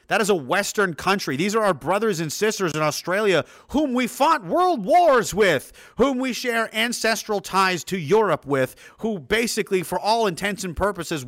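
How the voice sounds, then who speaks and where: Heated profane guy ranting, high voice that swings all over, bright and dry. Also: dry recording. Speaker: political commentator. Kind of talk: ranting monologue.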